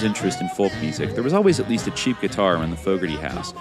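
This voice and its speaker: A man's voice: low-pitched, very animated, racing, hardly any pauses. A man co-hosting a podcast, reading long passages and quotes aloud from a music biography. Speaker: podcast co-host.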